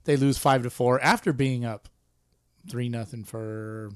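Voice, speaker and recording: A man's voice: medium pitch, steady tone, measured pace, smooth, no echo, studio quality. Laid-back man hosting a podcast. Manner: laid-back, swears, laughs loudly. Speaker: podcast host. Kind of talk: casual chat about amateur baseball.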